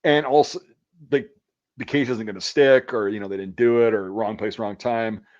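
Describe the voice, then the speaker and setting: Man in his thirties, veteran, casual podcast chat, swears a lot, animated storytelling, slightly dull recording. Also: lowish voice, moderate pace. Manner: profane, animated storyteller acting out quotes. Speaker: podcast host, military veteran.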